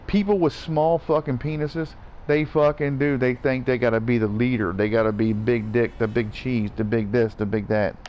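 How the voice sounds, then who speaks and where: A man's voice: mid-range voice, steady tone, normal speed, few pauses, a little mellow. A man venting in a profane, repetitive rant while gaming, with faint background noise.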